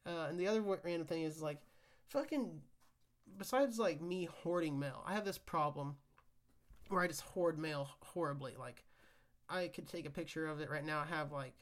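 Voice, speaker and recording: A man's voice: on the high side, normal speed. A young man hosting a solo podcast, rambling and ranting casually with lots of swearing. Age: young adult. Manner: profane, rambling, animated ranting. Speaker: podcast host.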